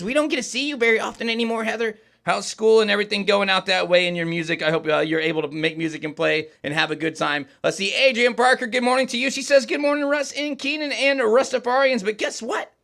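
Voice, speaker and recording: Gravelly, upbeat male studio host. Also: high voice, sharp tone. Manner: rambling, chatty, many fillers and restarts. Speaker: podcast host. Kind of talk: casual livestream chat. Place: recording studio.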